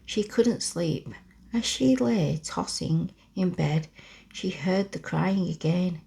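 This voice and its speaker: A woman reads a bedtime story in a breathy, husky whisper as whispered role-play. Her voice sits low and carries a gravelly fry, and she unhurriedly lingers over every phrase close to the mic. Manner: slow soft whispered reading. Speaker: ASMR storyteller.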